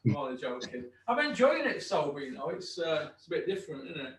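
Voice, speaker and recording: A man's voice: fairly high pitch, sing-song, fast talker, roomy sound, far from the mic, a little hiss or hum. A man hosting a casual podcast, talking bluntly, swearing freely and ribbing his co-host with mock aggression.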